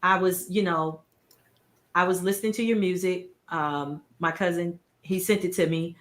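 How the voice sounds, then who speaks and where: A woman co-hosting a radio interview, telling stories with lively reenacted quotes. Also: on the low side, moderate pace. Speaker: co-host. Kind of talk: casual radio interview chat.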